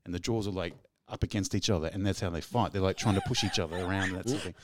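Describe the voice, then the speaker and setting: A man's voice: sits low, very fast, crowd noise. A man co-hosting a casual radio chat, telling rambling stories. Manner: rambling, animated storyteller. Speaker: radio co-host.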